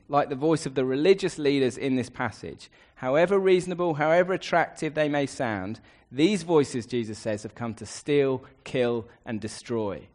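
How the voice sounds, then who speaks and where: A man's voice: a little high, darkish tone. A man preaching a sermon, earnest, building his points in emphatic repeated lists.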